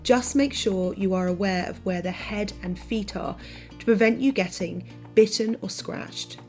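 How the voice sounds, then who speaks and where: A woman reading a scripted narration for a pet-care lesson, clear and informative. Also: medium pitch, unhurried, a little mellow, faint music behind.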